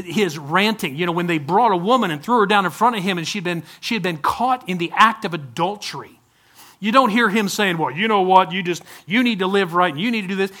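A man's voice: sits high, pushed and bright. A male pastor preaching a conversational sermon, often asking the congregation direct questions.

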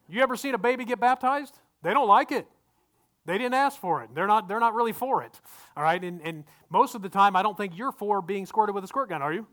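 A man's voice: high-pitched, normal speed, fairly bright tone. A male pastor giving a conversational sermon, often repeating words and asking the congregation questions.

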